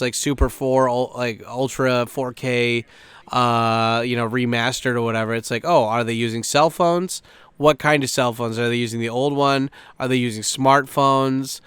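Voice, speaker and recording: A man's voice: medium pitch, clear, resonant tone, no room sound. A young man hosting a podcast, chatting casually and swearing a lot, with plenty of fillers as he rambles. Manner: profane, animated storytelling with lots of fillers. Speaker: podcast host.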